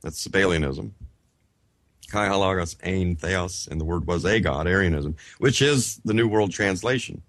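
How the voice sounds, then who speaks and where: Deep-voiced guy reading a greek grammar book out loud, dry close sound, stops to chat in between. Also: no room sound. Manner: reads in measured phrases, then breaks off into chatty asides; sounds out Greek words slowly and carefully. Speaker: co-host of a Bible Greek study show. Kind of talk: reading a grammar textbook aloud and explaining it.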